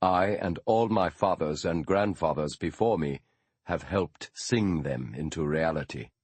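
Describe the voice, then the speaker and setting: A man doing a calm, grave Lakota elder. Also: a bass voice, a little slow, husky, no room sound, full character voice.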